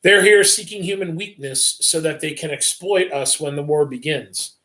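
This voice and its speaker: A man's voice: fairly high pitch, moderate pace, fairly bright tone, echoey room, lightly acted. A man reading a story aloud on a livestream, voicing an eager teenage boy who blurts out conspiracy tales.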